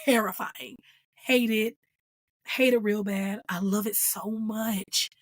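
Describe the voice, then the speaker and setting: A woman giving a casual, animated reaction review of a TV episode, playful and full of slang. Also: medium pitch, takes it slowly, dry recording.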